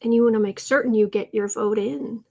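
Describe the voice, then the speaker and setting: A woman with a husky, slightly breathy voice, pitched a touch high for a woman, hosts a casual livestream. She rambles and restarts her sentences, with plenty of fillers. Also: steady tone, fairly quick, dark tone. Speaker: political tarot and astrology host.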